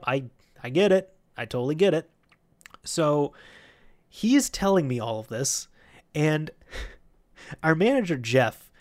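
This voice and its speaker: A man hosting a podcast, telling a rambling story about an old job in a casual, chatty way and getting animated when he quotes other people. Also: mid-range voice. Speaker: podcast host.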